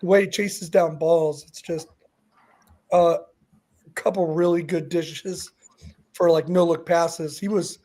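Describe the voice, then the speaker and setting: Slightly high-voiced male podcast co-host. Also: steady tone, slow pace, pauses often, mellow. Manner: thoughtful, trails off, restarts sentences. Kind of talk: casual sports analysis.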